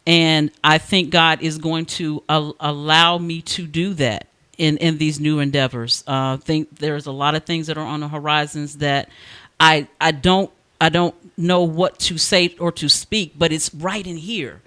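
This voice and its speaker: A man's voice: a little high, fairly even intonation, a little slow, sharp tone, clean tone, no room sound. A man hosting a talk radio show, speaking in an earnest, heartfelt way with frequent restarts.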